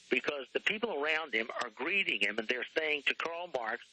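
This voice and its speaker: Male radio guest, author; rambling, throat-clearing, husky and sharp-edged. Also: a little high, lively intonation, brisk, few pauses, rough recording. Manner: rambling, often clears his throat and spells out names letter by letter. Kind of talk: radio talk show interview.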